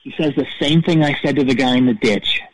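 An actor playing a petty, self-righteous middle-aged rock-fan caller who rambles and stammers through a comedic call-in story. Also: male voice, medium pitch, brisk, dry recording, close to an everyday voice, poor audio. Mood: rambling.

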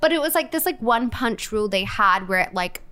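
A woman's voice: fairly high pitch, animated, fairly quick, pushed and bright, clear, resonant tone. A woman in her thirties from Australia with an Australian accent, a DJ chatting casually as a podcast guest and filling her talk with "like.". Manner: chatty, many "like" fillers, laughs easily.

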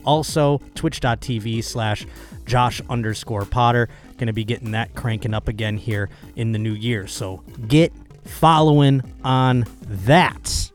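A comedian hosting his own podcast alone, talking in a rambling, excitable, profane way, his voice still hoarse from being lost. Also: mid-range voice, unhurried, soft background music. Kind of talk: casual solo podcast monologue.

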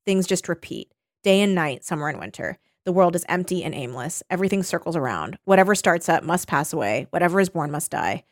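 An ancient giant turtle, voiced by a woman reading aloud, drones on in a low, hushed monotone, weary of everything. The voice drops deeper than usual, with a slight gravelly edge. The room is dry, with no echo. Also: brisk. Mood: gloomy.

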